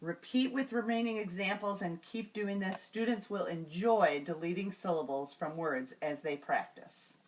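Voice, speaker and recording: Woman calmly demonstrating a reading lesson. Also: mid-range voice. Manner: patient, slow sounding-out of words. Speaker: teacher trainer. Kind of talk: instructional demonstration.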